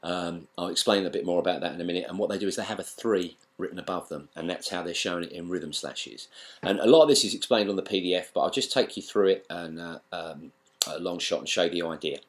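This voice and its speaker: A British man with a deep, low voice talks through a guitar lesson. He explains in an easygoing, halting way, pausing and restarting his sentences. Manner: relaxed, halting explanations with many fillers and restarts. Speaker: guitar teacher. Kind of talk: casual spoken lesson.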